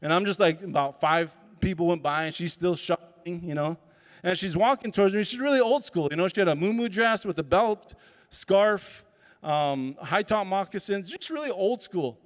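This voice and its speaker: A man, a speaker and comedian, tells a personal story at a summit in a high-sitting, animated voice at normal speed, acting out the dialogue. He's in a large conference hall, and the recording carries long hall reverb.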